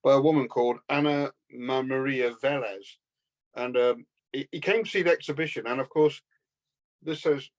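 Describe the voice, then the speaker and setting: A man's voice: medium pitch, normal speed, poor audio. A man co-hosting a podcast, telling a rambling anecdote and laughing as he goes. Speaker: podcast co-host. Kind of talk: casual chat.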